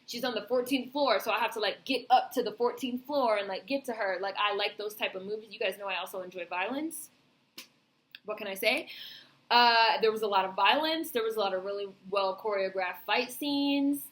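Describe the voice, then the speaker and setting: A woman's voice: mid-range voice, fairly quick, a bit bright. A woman vlogger giving a casual, rambling film review, heavy on fillers and swearing.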